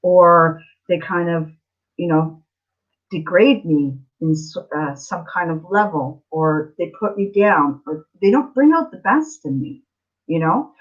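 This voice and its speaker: A tarot reader with a lowish voice and lively intonation speaks at a measured pace during her live stream, offering casual talk about life lessons to viewers. She often says "right?" and repeats herself. The highs are cut off in the audio.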